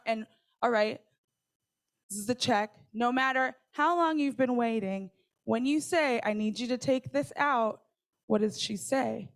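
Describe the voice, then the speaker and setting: A woman with a slightly higher voice tells a story from her own life. She talks in a lively, chatty way and keeps checking in with her listeners. She laughs between lines as she goes. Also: unhurried. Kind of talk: personal storytelling.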